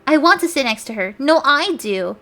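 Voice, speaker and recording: A woman's voice: sits high, lively intonation, pitched above the performer's own voice, heavily acted. Woman reading as a hot-headed swearing teen boy. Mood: fuming. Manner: shouted, rushed mock fury.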